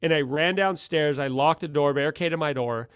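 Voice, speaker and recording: A man's voice: fairly high pitch, normal speed, clear, resonant tone, dry recording, studio quality. A middle-aged man telling a wild story in casual, slangy chat, laughing often. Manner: laughs often, animated, slangy ("dude", "gnarly").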